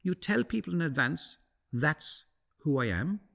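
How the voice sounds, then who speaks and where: A man's voice: on the high side, measured pace, vocal fry. A middle-aged man, a communications coach, talking animatedly in a casual interview, restarting and repeating words. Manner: animated, acts out quoted voices.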